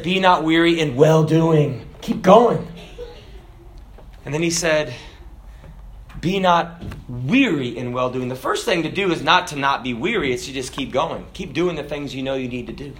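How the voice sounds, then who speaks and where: High-voiced animated man preaching. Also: moderate pace, roomy sound, a little hiss or hum. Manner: animated, folksy preaching with laughs and shouted lines. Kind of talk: sermon. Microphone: phone recording.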